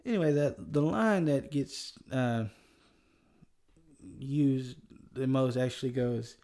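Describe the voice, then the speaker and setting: A man's voice: mid-range voice, takes it slowly, long pauses, dark tone. A man with a Southern US accent hosting a casual history podcast, chuckling often as he talks. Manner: chuckles often, loose and conversational. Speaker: podcast host.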